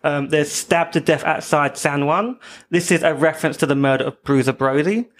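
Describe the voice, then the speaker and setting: A man's voice: a little high, fairly even intonation, moderate pace, a little hiss or hum. A man hosting a podcast in casual chat, presenting his picks in an easygoing way with frequent "um"s. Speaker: podcast host.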